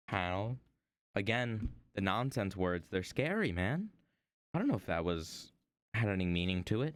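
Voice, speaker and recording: Playful male streamer, lowish voice, slow rambling chat, dry home sound. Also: sing-song, dry recording. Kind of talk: casual chat while woodcarving.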